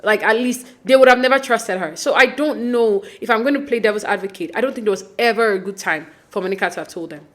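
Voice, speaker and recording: A woman's voice: medium pitch, fairly bright tone. Chatty woman recapping reality TV. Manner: chatty and opinionated, fast with many fillers and restarts; acts out quoted lines with mock voices. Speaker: podcast host recapping reality TV. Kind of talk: casual recap commentary.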